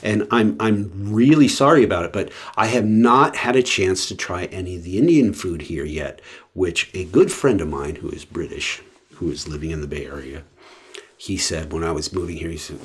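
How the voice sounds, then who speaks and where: Low husky-voiced man rambling casually. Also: moderate pace. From West Coast of the US. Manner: rambling, with many fillers and restarts. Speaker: vlogger. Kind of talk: casual talk to camera.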